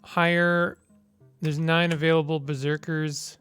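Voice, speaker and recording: A man's voice: a little high, little pitch movement, slow pace, a bit bright, clear, resonant tone, faint music behind. A man giving casual gameplay commentary, reading the game's text aloud and mumbling through menu choices. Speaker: gamer.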